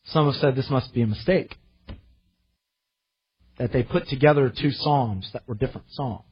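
A man preaching a sermon to his church, earnest, rising to loud pleading and dropping to quiet asides. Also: medium pitch, moderate pace, slightly rough, muffled recording. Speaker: pastor.

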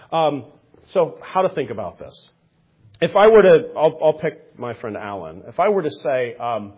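Man, theology lecture, rambling and self-correcting, raspy voice, muffled recording. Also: a little high. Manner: discursive, self-correcting, with rhetorical questions and asides. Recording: dull lo-fi recording.

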